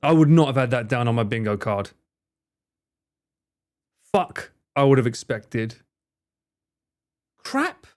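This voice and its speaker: Chatty, amused male streamer, lively voice. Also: medium pitch. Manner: chatty, amused, thinking aloud. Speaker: livestream host. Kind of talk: casual reaction commentary.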